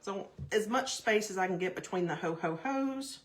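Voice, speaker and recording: A woman's voice: mid-range voice, expressive, moderate pace. A woman hosting a live craft stream, chatty and gushing, greeting viewers by name. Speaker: craft host.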